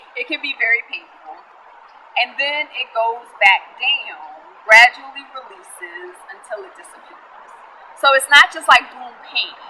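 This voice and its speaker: Young pregnant woman vlogger, very bright and slightly high voice, earnest, easygoing delivery. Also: a little hiss or hum, rough recording. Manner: earnest, explaining with frequent fillers and small laughs. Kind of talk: casual talk to camera.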